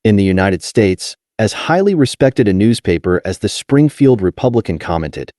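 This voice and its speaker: A man narrates a nonfiction history audiobook in a low, warm voice. His pitch moves expressively from phrase to phrase, and his reading stays measured and steady. The sound is dry and close. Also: no room sound.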